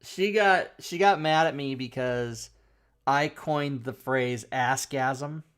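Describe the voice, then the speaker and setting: A man's voice: medium pitch, slow pace, fairly bright tone, clear, resonant tone. A man hosting a talk show and telling crude, rambling stories with lots of laughing. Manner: crude storytelling, laughs often. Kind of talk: casual chat.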